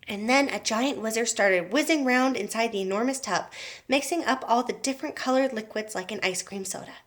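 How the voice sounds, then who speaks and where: A woman teacher reading a children's book aloud to young students, in an expressive storytelling manner. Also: fairly high pitch, a little fast.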